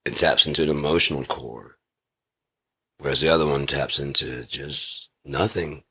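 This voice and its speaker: Steady and bass-deep, the man's voice comes out pushed, bright and slightly rough at a normal pace. He's a vlogger on his own in a heated room, swearing casually as he lectures through a meandering rant.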